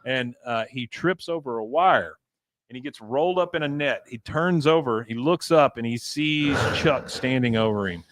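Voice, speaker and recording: A man's voice: mid-range voice, animated, normal speed, no room sound. Man, casual podcast co-host, scene-by-scene cartoon recap, loose quoted lines, dead dry room. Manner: retells scenes, quoting characters in a loose voice.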